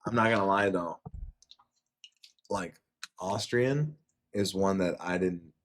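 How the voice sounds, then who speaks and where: A young man co-hosting a casual podcast, joking and swearing with quick comebacks. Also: low-pitched. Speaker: podcast co-host. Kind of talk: casual banter.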